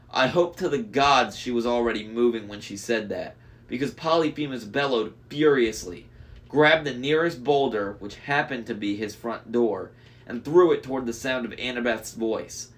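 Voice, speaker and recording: Reading from a novel in a mid-range voice, a man keeps things relaxed, pausing for casual asides. After any slip, he backs up and reads the line again.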